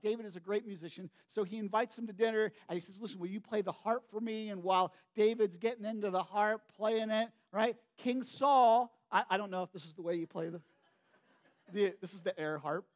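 A man preaching a sermon, retelling a Bible story in an animated, conversational way with frequent asides to the congregation. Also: sits high, fairly quick, highs cut off. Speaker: pastor.

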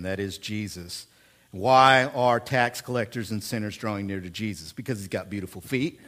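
A male pastor preaching a sermon, emphatic and repetitive, swinging from quiet asides to loud bursts. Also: on the low side, moderate pace. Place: church.

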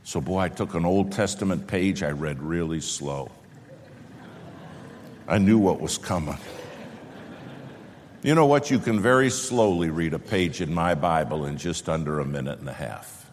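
A man preaching a sermon, telling a story with lively acted-out dialogue and dropping to a slow, hushed voice to make a point. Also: deep voice, a little hiss or hum. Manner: animated storyteller who acts out both sides of a conversation; drops to a slow, hushed voice for emphasis. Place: church sanctuary. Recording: long reverb of a large hall.

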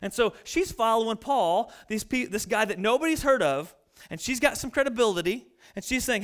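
A pastor with a high voice delivers a sermon, mixing scripture reading with humorous stories from home. He is animated and conversational, and he acts out little scenes as he tells them. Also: moderate pace.

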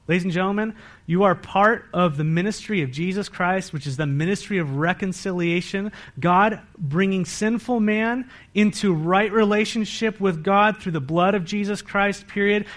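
A man preaching in a church, his voice sitting a little higher than most men's. He talks with earnest emphasis, circling back on phrases and firing rhetorical questions at the congregation. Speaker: pastor. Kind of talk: sermon.

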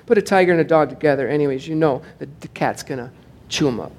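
A man, a pastor, preaching a sermon in a casual, digressive way, joking with the congregation and slowing down to stress scripture. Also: on the high side, a little mellow. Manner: conversational and digressive, with jokes to the congregation.

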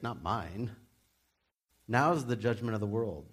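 Animated male preacher, conversational. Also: on the low side, moderate pace, pauses often. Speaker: pastor. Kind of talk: sermon.

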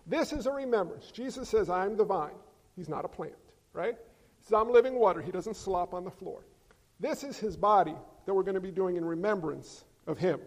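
A man preaching a sermon as pastor, animated, swinging from loud exclamations to hushed emphasis. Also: high-pitched. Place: church sanctuary. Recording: long hall reverb.

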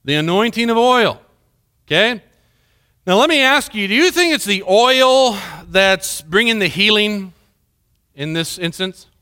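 Bright, clear-voiced male pastor preaching. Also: high voice, lively intonation, a little slow. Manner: earnest, conversational preaching with questions to the congregation. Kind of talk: sermon. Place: church sanctuary.

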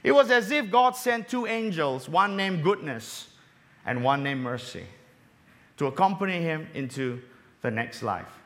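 A man's voice: animated, measured pace. Man preaching a personal sermon. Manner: personal storytelling, drops soft and low on tender moments.

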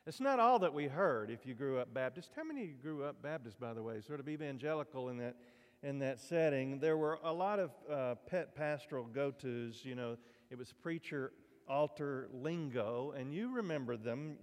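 A man's voice: mid-range voice, lively intonation, normal speed. A man preaching a sermon as pastor, in a conversational, folksy way, with asides to the congregation. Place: church sanctuary. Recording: church hall reverb.

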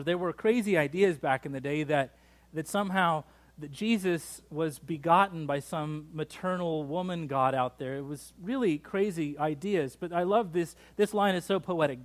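A pastor preaching a sermon in a church, joking and drawing the congregation in. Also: male voice, on the high side, normal speed. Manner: lively, joking, engages the congregation.

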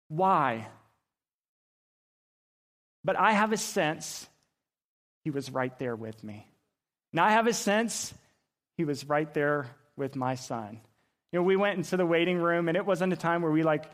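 A man preaching to a congregation, with a somewhat high voice. He tells a personal story and builds to loud, emotional climaxes before settling back. It sounds like a pastor speaking in an auditorium. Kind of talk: sermon.

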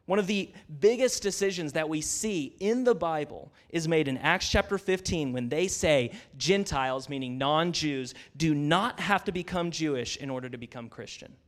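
Male preacher, chatty and eager, somewhat high-pitched. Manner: conversational, enthusiastic, says "y'all". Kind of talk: sermon.

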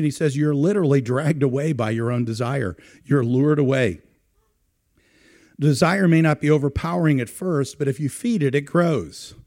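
A man's voice: medium pitch, darkish tone. A middle-aged man, a pastor, preaching a sermon in a conversational style and asking his congregation rhetorical questions.

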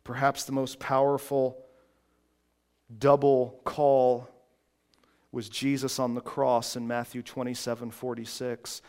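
A man preaching a sermon, moving from quiet reflective passages to loud, emphatic preaching. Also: medium pitch, monotone, normal speed, few pauses. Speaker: pastor.

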